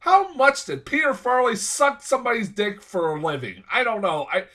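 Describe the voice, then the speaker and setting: A man's voice: high-pitched, big pitch swings, brisk, sharp tone. Man ranting angrily about a film. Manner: angry, profane, exasperated ranting. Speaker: movie reviewer. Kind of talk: casual film review rant.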